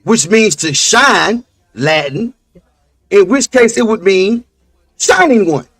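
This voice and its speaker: Emphatic high-voiced man preaching his point. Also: animated, slow pace, fairly bright tone. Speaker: podcast co-host. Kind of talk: casual religious discussion.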